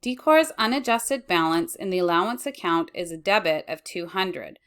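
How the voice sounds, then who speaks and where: A woman with a somewhat low voice walks through accounting slides. She reads at a steady, measured pace and stops to correct her own slips. She sounds like a middle-aged instructor recording a lecture. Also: smooth.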